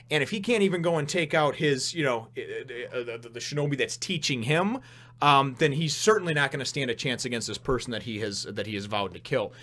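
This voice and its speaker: A man's voice: medium pitch, fairly bright tone. A man giving a casual review who rambles, chuckles often and fills his talk with "you know". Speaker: comic book reviewer. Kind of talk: casual chat.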